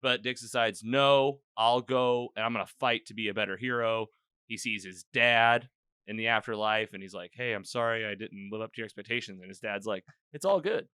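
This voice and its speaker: A man's voice: on the low side, steady tone, a little fast, bright, forceful tone, clear, resonant tone, no room sound, clean studio sound. A man hosting a podcast, casually recapping an episode in a loose, rambling way and acting out the characters' lines. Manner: loose and rambling, acts out quoted lines, lots of "like". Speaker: podcast host. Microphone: own podcast microphone.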